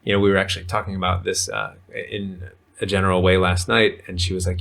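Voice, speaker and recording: A man's voice: low voice, level tone, fast, vocal fry, fairly bright tone. A man talking as a podcast guest in casual, rambling conversation, full of fillers. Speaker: podcast guest, men's coach.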